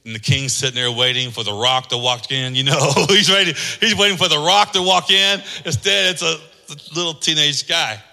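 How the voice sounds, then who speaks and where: Emphatic male pastor, repetitive sermon delivery; very bright tone, reverberant church hall. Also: fairly high pitch, brisk, vocal fry. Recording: echoey hall.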